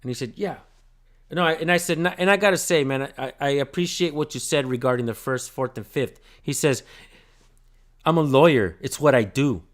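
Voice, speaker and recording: A man's voice: on the high side, fairly quick, fairly bright tone. A man hosting a casual livestream, telling a story bluntly with lots of swearing and thanking his viewers. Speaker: channel host filming police.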